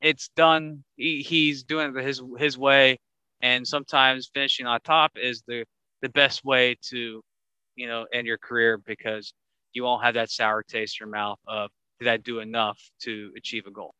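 A man hosting a casual sports podcast, talking in an animated way that gets higher when he drives a point home. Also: normal speed, clean tone, dry recording, poor audio. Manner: animated, rising pitch when making a point. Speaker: podcast host.

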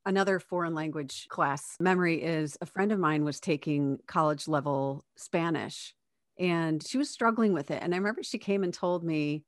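A woman's voice: low-pitched, moderate pace, dry recording, clean studio sound. A woman from the United States co-hosting a casual chat, an amused, chatty storyteller. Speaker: podcast co-host.

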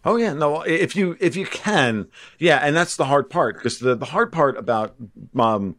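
A man's voice: fairly high pitch, animated, normal speed, a bit bright, no room sound, clean studio sound. A man who is a guest on a podcast, giving assertive, explanatory answers and listing his points one after another. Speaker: podcast guest, markets commentator. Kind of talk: conversational interview answers.

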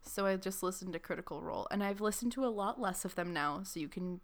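A young woman chats on a casual podcast in a talkative, animated way. She rambles with frequent filler words, at an ordinary, mid-range pitch. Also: fast talker. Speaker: podcast co-host. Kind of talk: casual chat.

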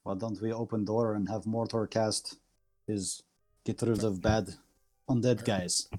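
A man's voice: lowish voice, steady tone, a little slow, darkish tone, soft background music. A man playing a tabletop game, often speaking his character's lines in clipped, broken English.

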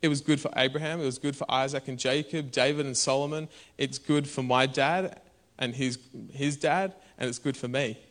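A man's voice: mid-range voice, moderate pace. A man, preaching a conversational sermon in a church. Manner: conversational and animated, bursts into shouts. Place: church hall.

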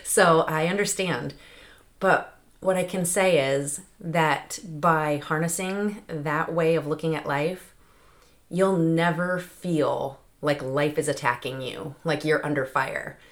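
A woman's voice: sits low, fairly even intonation, takes it slowly. A woman hosting a podcast, talking through a casual motivational monologue into a close mic, chatty and laughing often. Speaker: podcast host.

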